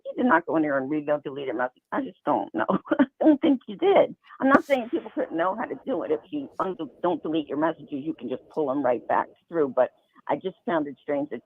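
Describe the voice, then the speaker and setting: A man's voice: a little high, vocal fry, husky, no echo. A man calling in to a talk show, talking in a hesitant, rambling, suspicious way. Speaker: caller. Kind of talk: phone-in call. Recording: phone line.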